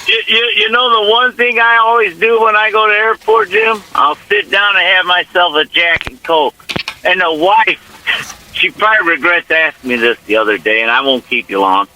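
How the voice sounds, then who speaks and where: Folksy high-voiced radio caller. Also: male voice, big pitch swings, normal speed, sharp tone, slight background noise, low-quality recording. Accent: Northwest Indiana. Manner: folksy, chummy, calls people man and brother. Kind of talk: casual phone-in chat.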